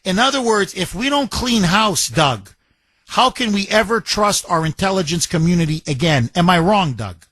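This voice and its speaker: A male talk radio host who hammers his points home with repetition and rising force. His voice sits a bit high. The studio sound is dry and close. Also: expressive, moderate pace, bright, forceful tone, dry recording. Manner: emphatic, repetitive, combative.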